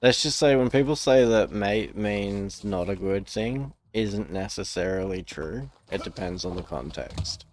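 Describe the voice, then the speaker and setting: Australian man, young, low voice, unhurried delivery, swears and laughs a lot, casual game commentary, faint hiss behind. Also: animated. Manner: swears freely, laughs often, chatty and joking. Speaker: streamer.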